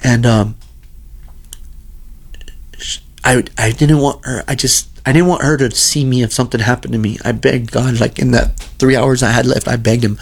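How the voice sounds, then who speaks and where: A middle-aged man tells a personal story in a casual, earnest manner, circling back and repeating phrases as he goes. His voice has a gravelly, creaky edge. It sits at an ordinary pitch for a man. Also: moderate pace, long pauses. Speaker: guest telling a personal story.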